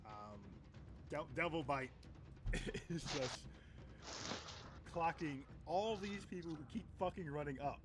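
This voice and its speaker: A man's voice: fairly high pitch, takes it slowly, pauses often, over music. A man narrating as game master of a tabletop role-playing game, laughing often and stumbling over repeated words. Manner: animated, laughing, stumbling repetitions.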